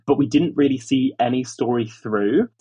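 A man guest on a podcast, telling stories in a quick, breezy way over a lo-fi, muffled mic. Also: mid-range voice, mellow, breathy edge. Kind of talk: casual podcast chat.

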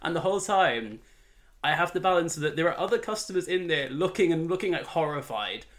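A young man co-hosting a podcast, telling comic anecdotes in a casual, animated way, often laughing and imitating other people in a lower voice. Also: brisk. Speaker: podcast co-host. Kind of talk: casual comedic storytelling.

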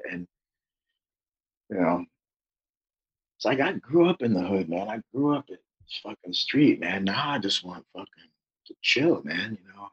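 A man's voice: fairly low pitch, fairly bright tone, breathy edge, lo-fi sound. A man guest, an author, telling a rambling personal story in casual chat, swearing constantly.

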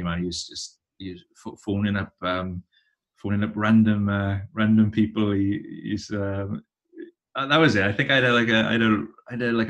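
A man's voice: fairly low pitch, a bit bright. A man in his thirties, a touring musician and podcast guest, telling rambling stories with many halts and restarts. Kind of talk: casual conversation.

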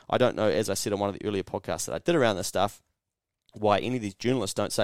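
A New Zealand man hosts a casual solo podcast monologue, blunt and sarcastic, acting out mock dialogues. He talks fast in a voice on the low side, and the recording is dry and studio quality.

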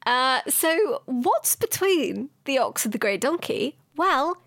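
A young woman with a high, bright-pitched voice chats away as a podcast co-host, giggling and poking fun at herself. The recording is close and dry, with almost no room sound. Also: big pitch swings, takes it slowly, no echo. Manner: chatty, giggly, self-mocking. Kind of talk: casual chat.

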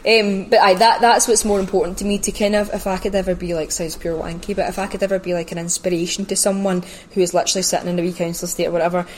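A young Glaswegian woman talks quickly and casually as a podcast guest. She is self-mocking and breaks into laughs often. A faint hum sits behind her voice. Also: on the low side, little pitch movement. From Scotland. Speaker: TV presenter, guest.

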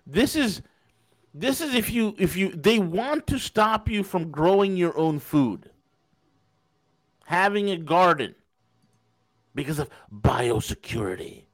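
Male podcast host, angry rant, profane, somewhat high voice. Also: expressive, slow, pauses often. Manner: ranting, profane, repeats himself. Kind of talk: angry political monologue.

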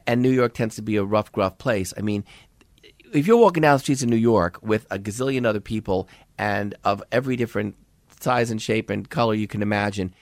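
A man's voice: on the low side, brisk, dry recording, studio quality. Thoughtful older man co-hosting a podcast. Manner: thoughtful, with many restarts and asides. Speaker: podcast co-host, psychiatrist who teaches medical students. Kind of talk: casual conversation.

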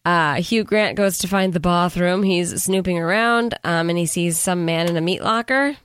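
A woman's voice: fairly low pitch, normal speed, a bit bright, smooth, no room sound, clean studio sound. A woman in a casual chat, retelling a film plot in a rambling way and acting out bits of dialogue. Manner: rambling retelling with playful quoted voices. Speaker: podcast co-host. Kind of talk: casual movie recap chat.

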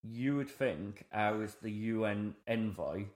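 A man's voice: on the low side, unhurried, darkish tone, echoey room. Rambling self-mocking man. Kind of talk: casual chat.

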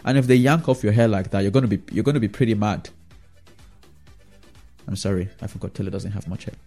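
A man's voice: on the low side, fast, warm tone, soft background music. A man giving a casual, rambling opinion monologue about football as a fan vlogger, often checking in with the listener through tag questions.

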